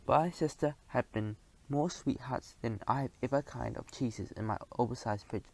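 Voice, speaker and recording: A man reads a children's audiobook in the first person. His telling is lively and expressive, and his voice sits at an everyday pitch. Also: moderate pace, vocal fry, a little hiss or hum, low-quality recording. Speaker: audiobook narrator. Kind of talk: first-person storybook narration.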